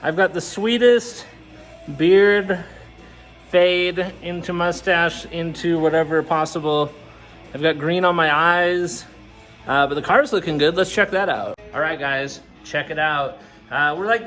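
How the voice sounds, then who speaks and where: A man chatting casually and excitedly as he shows his car restoration work, joking along the way. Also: high-pitched, measured pace, soft background music. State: out of breath. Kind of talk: casual vlog commentary.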